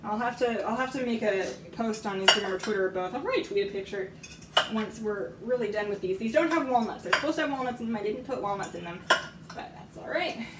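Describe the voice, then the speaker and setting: A woman with a hoarse, fading voice chats casually and rambles while she bakes on a live stream, often laughing. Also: medium pitch, fast, very noisy. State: hoarse, losing her voice. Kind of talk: casual chat while cooking. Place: home kitchen. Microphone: iPad microphone. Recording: roomy lo-fi tablet audio from a distance.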